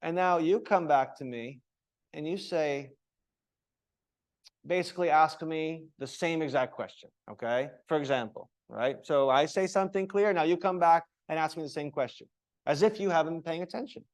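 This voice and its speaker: A man with a slightly high voice coaches a room of trainee yoga teachers, talking to them directly. He is animated, shifting his tone to act out examples and throwing questions back at the group. The room has a noticeable echo. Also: moderate pace. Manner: animated, acts out different tones of voice, asks the group questions.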